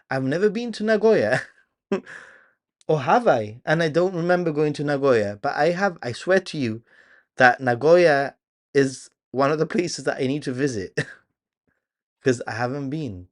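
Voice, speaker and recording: A man's voice: mid-range voice, lively intonation, normal speed. A man hosting a casual live stream, chatting to viewers, reading their comments aloud and laughing often. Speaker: livestream host.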